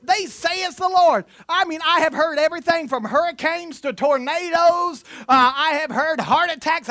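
A preacher giving an animated sermon, telling stories with humor and sometimes slipping into mock voices. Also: extremely high pitch, normal speed, few pauses, dry recording, clean studio sound.

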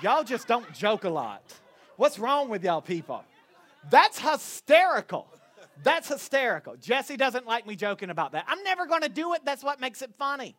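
Southern pastor, man, very high voice, joking sermon storyteller, teases the crowd. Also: husky. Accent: Southern US (Northwest Florida). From Northwest Florida, USA. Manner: joking, animated storytelling, quick asides to the crowd. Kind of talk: sermon with jokes to a congregation.

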